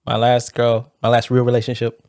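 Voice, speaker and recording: A man's voice: mid-range voice, a little fast, no echo, studio quality. A man co-hosting a casual chat podcast, telling stories with lots of laughter and quoted voices. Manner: animated storyteller, laughs often, mimics voices in anecdotes.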